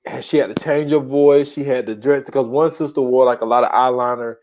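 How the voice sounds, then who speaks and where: A man co-hosting a podcast, retelling a show in animated casual chat, acting out quotes and swearing freely. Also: medium pitch, brisk, highs cut off. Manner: animated storytelling, acts out quotes, profane. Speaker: podcast co-host. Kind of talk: casual chat reviewing shows.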